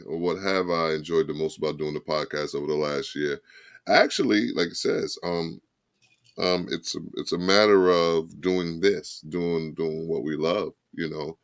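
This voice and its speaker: A man's voice: very deep voice, dry recording, studio quality. A man co-hosting a podcast in a casual, reflective and somber way, often repeating his phrases. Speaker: podcast co-host.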